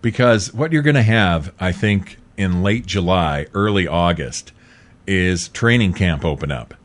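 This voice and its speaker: A middle-aged male host with a fairly low voice that keeps leaping up and down in pitch. He talks in an emphatic, repetitive way. His opinionated monologue swings between loud outbursts and muttered asides. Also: animated, unhurried. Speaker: talk show host.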